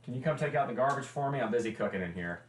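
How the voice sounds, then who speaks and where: A man's voice: mid-range voice, expressive, very fast, echoey room. A man hosting a casual cooking livestream, chatty and explaining each step with wry asides, recorded in a home kitchen. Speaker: livestream host.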